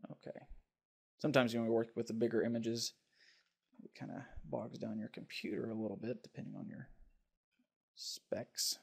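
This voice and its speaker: A man teaching a software tutorial over a screen recording, talking in a relaxed way and thinking aloud with fillers. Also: mid-range voice, moderate pace, creaky, long pauses, husky.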